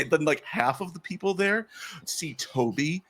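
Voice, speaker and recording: A man's voice: a little high, lively intonation, normal speed, fairly bright tone. A man running a tabletop game as game master, narrating loosely with lots of "like" and restarts.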